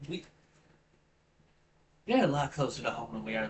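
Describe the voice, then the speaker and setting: A man's voice: medium pitch, very animated, normal speed, long pauses. Man reading history aloud, swearing asides. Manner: casual, profane asides, stumbles and rereads words. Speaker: channel host. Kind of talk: reading a history article aloud with casual commentary. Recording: distant mic with clear background noise.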